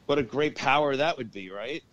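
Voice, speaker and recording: A man being interviewed as a guest shaman and exorcist, telling stories in an excitable, profane way. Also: mid-range voice, normal speed, dull audio, very noisy. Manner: profane and excitable, acts out the voices in his stories. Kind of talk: animated storytelling in a podcast interview.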